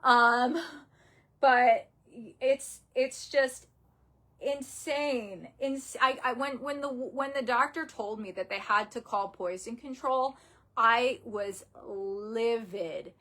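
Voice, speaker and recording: A young adult woman telling a painful personal story in a halting, upset way, full of restarts and fillers, grieving and close to tears. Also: a little high, fairly bright tone. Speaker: vlogger.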